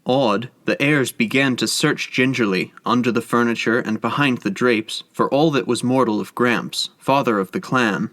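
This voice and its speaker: A man giving scripted narration of a short story in a measured storytelling manner. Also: medium pitch, a bit bright, dry recording. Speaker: audiobook narrator.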